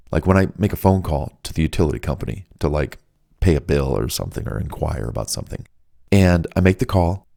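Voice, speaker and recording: A man giving relaxed, unhurried advice, drawing out his words with long pauses, reading his own audiobook. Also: low voice, creaky. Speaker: audiobook author and narrator. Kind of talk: relaxed advice talk, slow and soothing.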